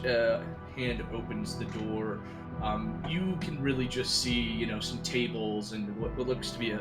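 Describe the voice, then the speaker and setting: A man narrating a tabletop game as dungeon master, speaking haltingly with many restarts. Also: mid-range voice. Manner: halting, full of fillers and restarts.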